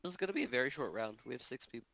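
A man making quick, practical remarks in an online game voice chat. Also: medium pitch, expressive, pushed and bright, poor audio. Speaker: gamer in voice chat. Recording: voice chat with clear background hiss.

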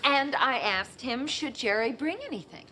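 An actress in a sitcom playing a quick, sardonic woman in her thirties who is often exasperated. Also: sits high, animated, sharp tone, slight background noise. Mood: wry. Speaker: assistant. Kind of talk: sitcom acting. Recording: laugh track and music behind.

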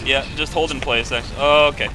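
A man leading his squad in casual gaming voice chat, calm and giving instructions. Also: mid-range voice, fast talker, over music, rough recording. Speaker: squad leader, channel host.

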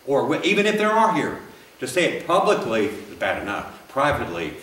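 A man's voice: medium pitch, huge pitch swings, a little fast, a bit bright. A man preaching a sermon in a church, folksy and rambling, with frequent restarts and asides. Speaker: pastor. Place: church sanctuary. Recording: roomy, from a distance.

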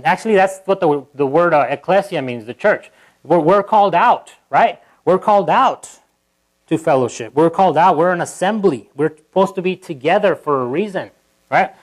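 A pastor speaks to his congregation in a somewhat high voice. He talks casually, restarts his sentences, and acts out the lines he quotes. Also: low-quality recording. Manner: conversational, with frequent restarts and asides to the congregation; animated, acting out quotes in a livelier voice. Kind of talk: sermon. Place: church.

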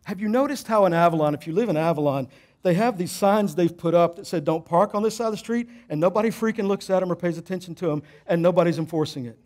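A middle-aged man, a pastor, preaching a sermon with animated, emphatic storytelling and self-deprecating humor. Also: high voice, quick pace.

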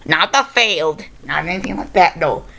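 Woman host, bright voice, rambling off-the-cuff reviewer who corrects herself mid-sentence. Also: fairly low pitch, lively intonation, normal speed, vocal fry. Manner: rambling, unscripted, self-correcting. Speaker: video reviewer. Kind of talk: casual improvised video review.

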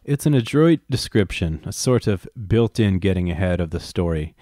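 A man's voice: deep voice, expressive, normal speed, dark tone, no echo, clean studio sound. A man reading a book aloud and breaking off into wry, profane asides. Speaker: reader and commentator.

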